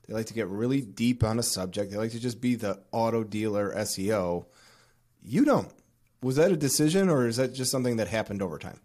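A man hosting a casual podcast interview, asking questions in a friendly way with relaxed slang. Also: lowish voice, fairly quick. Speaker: podcast host.

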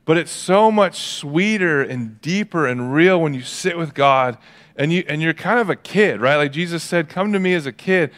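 A male pastor preaching a sermon in a relaxed, conversational way, acting out quotes as he tells stories. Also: a little high, moderate pace. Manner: conversational, animated storytelling with acted-out quotes.

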